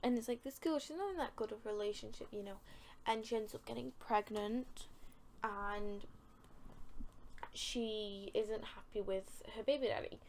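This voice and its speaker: A chatty young woman rambles through a casual podcast, full of "like" and "you know" and quick giggles. Her voice sits a bit high, with a gravelly, fry-laden edge. A faint hiss runs under the recording. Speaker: podcast host.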